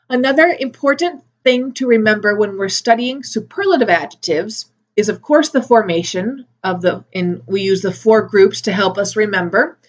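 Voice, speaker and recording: A woman teaching an English grammar lesson, modelling words slowly and carefully for learners. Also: mid-range voice. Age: adult with a daughter. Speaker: ESL teacher.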